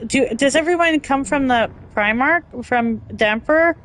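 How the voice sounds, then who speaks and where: A woman with a high voice co-hosts a casual streamed chat. She is playful and curious, keeps cutting in with questions, and reads out viewer comments. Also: moderate pace, a bit bright, a little hiss or hum. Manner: eager questioner, playful, interrupts. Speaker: co-host. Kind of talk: casual chat with live chat readers.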